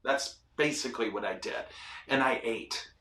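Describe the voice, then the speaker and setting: A man hosting a casual ministry show, telling animated, self-deprecating stories with lots of fillers. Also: medium pitch, normal speed, reverberant, far from the mic. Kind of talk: casual storytelling chat. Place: ministry studio.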